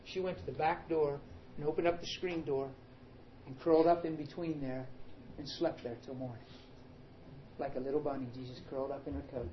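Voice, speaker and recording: A man preaching a sermon in an emphatic, animated way, calling out to the congregation. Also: fairly high pitch, a little fast, roomy sound, lo-fi sound, a little hiss or hum.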